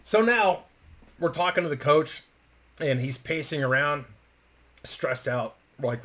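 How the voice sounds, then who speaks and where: A man telling a story in a casual, animated way, swearing freely and acting out what people said. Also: a little high, unhurried, pauses often.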